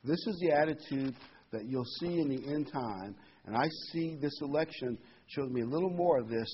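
A middle-aged man preaching a prophecy sermon, reading scripture and repeating phrases for emphasis, his loudness rising and falling. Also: mid-range voice, normal speed, a little hiss or hum. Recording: dull lo-fi sermon recording.

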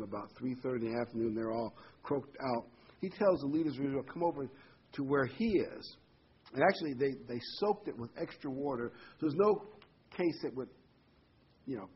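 Male Bible teacher, mid-pitched, casual and animated; husky voice on a muffled recording. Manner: animated retelling, voice jumping up when mocking. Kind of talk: Bible study lesson.

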